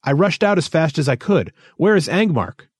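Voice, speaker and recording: A man's voice: a little high, very animated, moderate pace, husky, no room sound, pitched above the performer's own voice. A man voicing an anxious, harried male agent in a read-aloud story, with an urgent, bitter manner.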